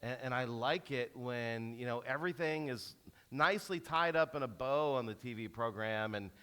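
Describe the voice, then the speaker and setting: Male pastor, middle-aged, lively storytelling sermon, bright forceful tone, frequent restarts. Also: mid-range voice, moderate pace, smooth. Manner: animated storytelling with many restarts.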